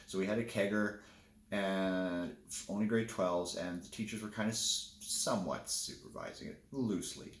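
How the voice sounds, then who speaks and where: A man's voice: lowish voice, moderate pace, echoey room. A man telling a candid personal story in a casual, rambling way, often restarting his sentences. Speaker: vlogger.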